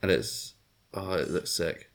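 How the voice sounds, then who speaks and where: A man's voice: sits low, a little slow, gravelly. A man co-hosting a casual podcast, blunt and joking. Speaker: podcast co-host. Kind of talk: casual chat.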